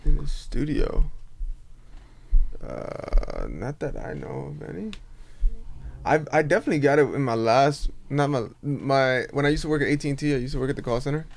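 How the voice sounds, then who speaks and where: A man's voice: medium pitch, normal speed, vocal fry. A man from Miami chatting casually on a podcast, telling stories and acting out the dialogue. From Miami, United States. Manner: animated storyteller, acts out dialogue. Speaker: recording studio staff member.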